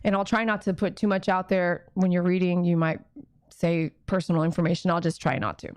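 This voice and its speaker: A woman's voice: lowish voice, fairly even intonation, brisk, smooth, dry recording. A woman who runs a dog grooming business, talking casually and emotionally to her viewers on camera. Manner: chatty, emotional, addresses viewers directly. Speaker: dog groomer and channel host. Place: grooming salon.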